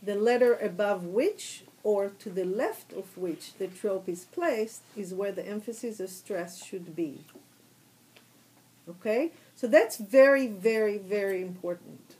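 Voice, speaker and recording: A woman's voice: mid-range voice, unhurried, dark tone, poor audio. A woman teaching a class, explaining patiently and step by step. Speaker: trope teacher.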